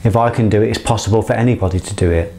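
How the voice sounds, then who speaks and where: A man's voice: on the low side, very fast, warm tone. A middle-aged man giving an impassioned motivational monologue, earnest, swearing freely and rambling with restarts. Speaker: motivational speaker.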